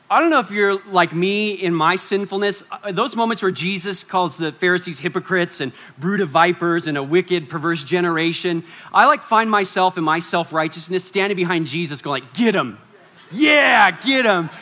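A man preaching a sermon in an animated way, shifting from loud acted-out lines to hushed, low asides. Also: moderate pace. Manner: animated, swings from loud to hushed, acts out quoted voices.

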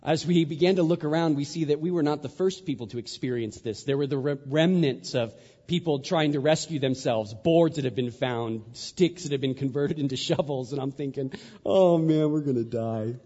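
A man's voice: fairly high pitch, a little fast, husky. Man preaching in an echoing hall. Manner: animated storyteller, acts out voices. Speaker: pastor. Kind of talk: sermon with storytelling. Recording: dull sound in a reverberant hall.

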